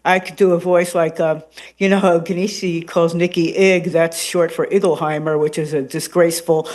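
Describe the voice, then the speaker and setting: Animated woman rambling with many fillers. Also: fairly low pitch, normal speed. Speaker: radio host and podcaster, guest. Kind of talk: casual interview chat.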